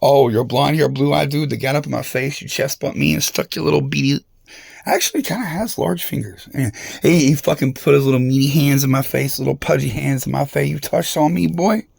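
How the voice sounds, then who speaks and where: A man's voice: medium pitch, brisk, vocal fry, darkish tone, breathy edge, no room sound, clean studio sound. A man talking straight to the camera in a rambling, profane and confrontational monologue. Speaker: vlogger.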